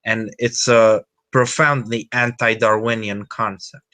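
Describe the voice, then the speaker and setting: A man's voice: lowish voice, little pitch movement, unhurried, sharp tone. A man from Romania, holding forth in a casual group podcast chat. He lectures with frequent restarts and hesitations.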